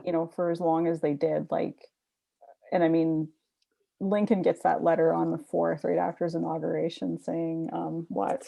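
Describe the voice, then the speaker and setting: Gravelly Canadian woman, blunt and salty. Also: low-pitched, flat delivery, normal speed, dark tone. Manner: blunt, swears freely, self-mocking. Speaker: podcast co-host. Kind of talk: casual history chat.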